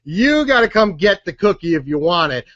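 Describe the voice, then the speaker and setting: Upbeat sales coach, man, a bit high-pitched, dull lo-fi sound, keeps checking in with the room. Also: normal speed. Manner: energetic, joking, repeats points with "okay?" and "right?". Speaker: sales trainer. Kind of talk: live sales training talk.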